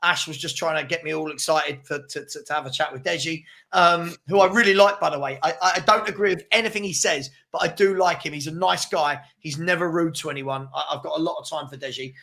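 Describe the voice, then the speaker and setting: A man's voice: on the high side, fast, vocal fry, few pauses, pushed and bright. A man hosting a casual live football chat, arguing his points and urging viewers to subscribe. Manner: chatty, argumentative, keeps urging viewers to subscribe. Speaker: channel host.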